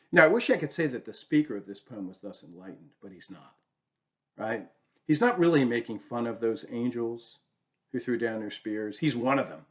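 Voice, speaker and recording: In a muffled recording, a literature lecturer with a fairly low voice gives a university lecture on poetry. He talks it through with plenty of rhetorical questions and keeps checking in with "right?"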